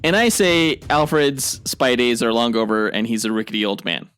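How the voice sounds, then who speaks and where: A man co-hosting a podcast who trades playful, deadpan rebuttals in a mock fight debate. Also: mid-range voice, normal speed, smooth, no room sound, clean studio sound, faint music behind. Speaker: podcast co-host.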